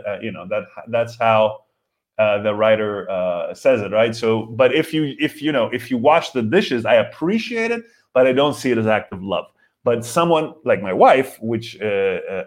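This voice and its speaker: Rambling man in his forties ranting. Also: mid-range voice. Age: 40s. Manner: rambling, frequent restarts and fillers, acts out quotes. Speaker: comedian host. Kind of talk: live comedy rant podcast.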